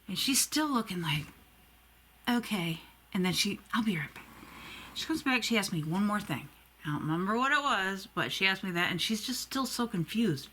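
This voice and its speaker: Chatty woman in her forties, bright voice. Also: medium pitch, a little hiss or hum. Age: 40s. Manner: rambling, chatty, swears freely. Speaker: beauty vlogger. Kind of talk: casual storytelling while doing makeup.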